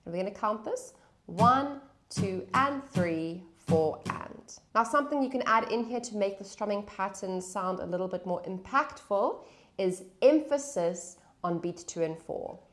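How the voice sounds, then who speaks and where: A woman's voice: medium pitch, animated, measured pace, a bit bright. A woman teaching a guitar lesson, calling out chords and counting beats aloud. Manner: patient, counts beats aloud over strumming. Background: acoustic guitar playing.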